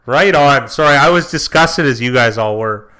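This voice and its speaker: A man co-hosting a casual sports watch-along stream, excitable and quick to react to plays. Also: mid-range voice, smooth. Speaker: co-host.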